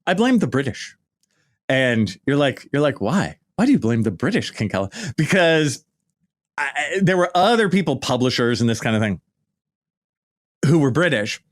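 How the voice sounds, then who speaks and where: A man's voice: mid-range voice, very animated, normal speed. A middle-aged American man talks into a podcast mic in a loose, unscripted monologue. His delivery is lighthearted and chatty, and he keeps tossing in "right?" and "you know" while he tells his story. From United States. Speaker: podcast host. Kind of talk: casual reminiscing monologue. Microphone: podcast microphone.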